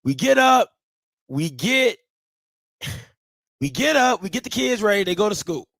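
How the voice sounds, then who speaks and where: A man's voice: high voice, big pitch swings, unhurried, gravelly, a bit bright, no room sound. A man from Ohio telling a casual, slangy story to his viewers, repeating and restarting phrases as he goes. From Ohio, USA. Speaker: vlogger.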